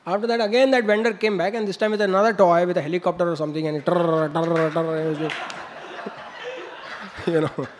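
High-voiced man telling a story. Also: quick pace, pauses often, background noise. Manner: animated storytelling with laughs and sound effects. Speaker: monk preacher. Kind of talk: storytelling sermon.

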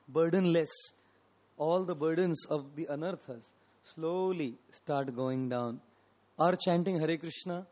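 Man preaching emphatically, fairly high voice. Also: rough recording. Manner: emphatic, repetitive, swelling and dropping in loudness. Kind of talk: devotional sermon.

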